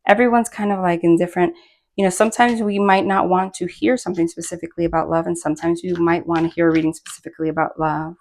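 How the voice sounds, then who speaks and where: A woman's voice: on the low side, fast, slight background noise. A woman giving a casual spoken tarot reading, chatty and rambling, with many fillers and restarts. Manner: bursts of laughter and excited asides. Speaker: tarot reader.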